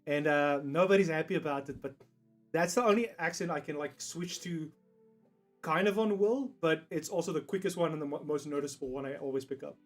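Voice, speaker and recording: A man's voice: fairly high pitch, fairly quick. Rambling South African man, faint guitar. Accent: South African English. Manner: rambling, laughs often, swears casually. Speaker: streamer. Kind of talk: casual livestream chat.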